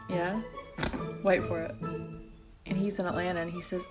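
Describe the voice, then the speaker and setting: A woman's voice: fairly low pitch, little pitch movement, moderate pace, long pauses, loud music behind the voice. A woman from Georgia, chatting casually to camera as a vlogger and asking her viewers playful questions, with the odd curse. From Georgia, USA.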